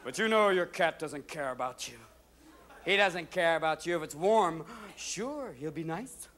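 A man's voice: fairly high pitch, moderate pace. A man doing stand-up comedy on stage, jumping manically between stories and voices, on a live show recording. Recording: live show with loud audience laughter. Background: audience laughter.

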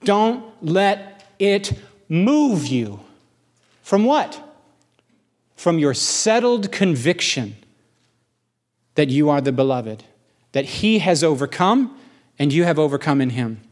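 Middle-aged male pastor, preaches in a raised register, animated, leans hard on key phrases. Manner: animated, rising to high questioning bursts; slows for emphasis on key phrases. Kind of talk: sermon.

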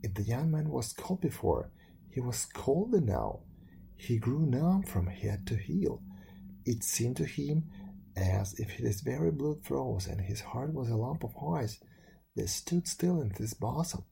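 A man reading a folk tale aloud in a slow, measured, hushed storytelling voice. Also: mid-range voice, expressive, creaky, slight background noise. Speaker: narrator.

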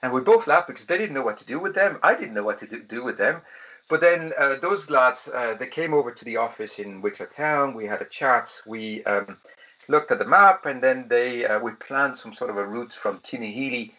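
Male guest, bright tone, animated storyteller, dull lo-fi audio. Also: mid-range voice, normal speed. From France. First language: French. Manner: animated, lively anecdotes with quoted exchanges. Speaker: podcast guest, head of regional tourism. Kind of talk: conversational storytelling.

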